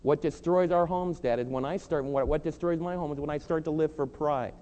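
A man's voice: on the high side, a little fast, mellow, lo-fi sound. A middle-aged man preaching a sermon as pastor, earnest and emphatic, mixing direct appeals with confessional asides. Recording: long hall reverb, faint hum.

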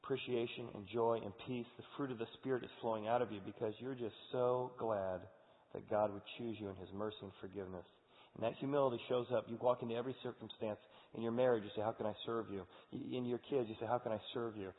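A man's voice: mid-range voice, steady tone, quick pace. A male pastor delivers a sermon in an earnest, conversational manner. His voice rings with long hall reverb and sounds thin, like over a phone line.

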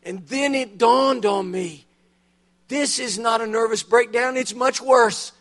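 An older man preaching a sermon as guest speaker, telling his story animatedly, with big swings between loud bursts and hushed solemn passages. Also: slow. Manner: drops to a hushed, low delivery on solemn points. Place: church conference hall.

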